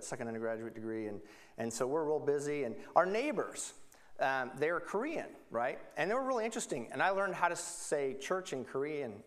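A middle-aged man preaching a casual sermon as pastor of his church, chatty and joking, often breaking off and restarting his sentences. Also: medium pitch. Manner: chatty, joking, self-interrupting.

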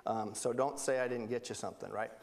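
A man's voice: medium pitch, steady tone, quick pace, vocal fry, darkish tone. A middle-aged man preaching a casual sermon as pastor of his church, chatty and joking, often breaking off and restarting his sentences. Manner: chatty, joking, self-interrupting.

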